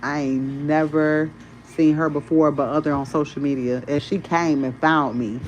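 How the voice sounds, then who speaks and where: A woman, a spiritual content creator, tells viewers a rambling, animated, profane story in casual chat. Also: low-pitched, normal speed, dull audio, a little hiss or hum.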